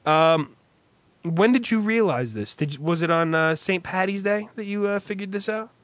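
Host: a cussing man, high and bright, who rambles through his chat, with a dry, close sound. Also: normal speed, no echo. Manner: profane, rambling. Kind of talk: casual comedic chat.

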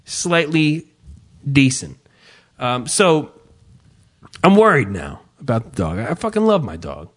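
A man on a podcast telling a long story in casual chat, swearing freely and mocking himself, and shouting the lines he quotes. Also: medium pitch, very animated, a little slow, pauses often. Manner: profane, self-mocking storyteller who yells his own quotes. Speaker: podcast host.

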